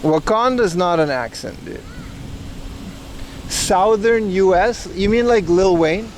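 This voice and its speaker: A man's voice: sits high, animated, slow, darkish tone, slight background noise. A man livestreaming as he walks outside, chatting and joking with his viewers. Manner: chatty, joking, talks to chat. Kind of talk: casual IRL stream chat. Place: outdoors on a street.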